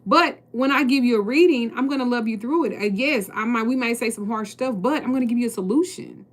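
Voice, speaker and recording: A woman's voice: a little high, fairly quick. A woman tarot reader and spiritual coach speaking casually and bluntly to her viewers, preaching and swearing freely.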